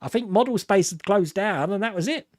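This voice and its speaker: A man's voice: sits high, lively intonation, fairly quick, darkish tone, no room sound, studio quality. A middle-aged British man with a British accent, hosting a live stream and chatting casually through viewer comments, rambling and laughing at himself. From Britain. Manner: chatty and rambling, laughs often, self-mocking.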